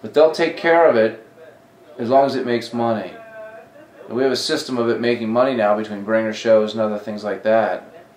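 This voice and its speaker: Guy in his 40s chatting in an echoey room, kinda low voice, sounds a bit far from the mic. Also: fairly quick, a little hiss or hum. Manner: animated, acts out quoted dialogue. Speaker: comedy club talent coordinator. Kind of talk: casual interview storytelling.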